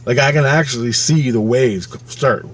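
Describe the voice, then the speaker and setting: A man's voice: medium pitch, moderate pace, slight background noise. Man swearing through a frantic personal story. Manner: swears freely, acts out his own past thoughts with sudden loud and quiet swings. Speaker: channel host recounting a personal experience. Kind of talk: casual spoken storytelling.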